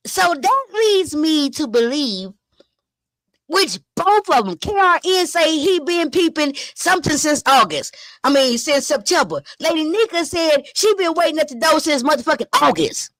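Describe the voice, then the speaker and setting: Speaking at a moderate pace, a high-pitched woman hosts a YouTube commentary live stream full of loose, animated chatter. She swears a lot and dramatizes online drama with gasps and laughs, her voice close and dry with no room sound.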